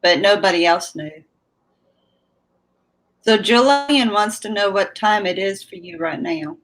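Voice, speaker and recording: Chatting with viewers on a relaxed live stream, this host speaks in an unhurried, mid-range voice. She drawls her words and breaks into laughter frequently.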